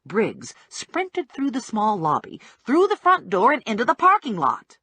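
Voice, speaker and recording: A woman narrating a first-person audiobook with wry, brisk storytelling. Her voice is husky and moves widely in pitch. The recording is dry and close. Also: huge pitch swings, a bit bright, no echo.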